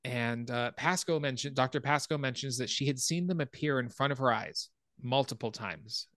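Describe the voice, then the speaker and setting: A man hosting a podcast, casually retelling a film's plot scene by scene in an animated way. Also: medium pitch, normal speed, no echo. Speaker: podcast host. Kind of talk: casual film recap.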